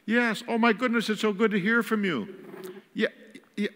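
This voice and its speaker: A man imitating a mother chatting sweetly on the phone in a high falsetto, in a long church reverb. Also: moderate pace, fairly bright tone. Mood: gushing.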